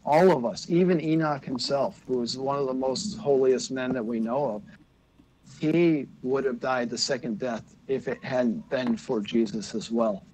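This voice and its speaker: A man's voice: medium pitch, darkish tone, husky, rough recording. A man on a casual livestream, retelling a religious story in a rambling, hesitant way. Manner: rambling, hesitant, many fillers and restarts.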